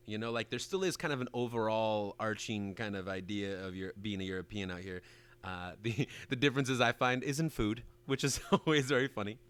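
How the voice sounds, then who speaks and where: A young man co-hosting a casual podcast chat about teaching dance, animated and swearing freely. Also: lowish voice, brisk, smooth. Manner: animated, swearing, breaks into voices.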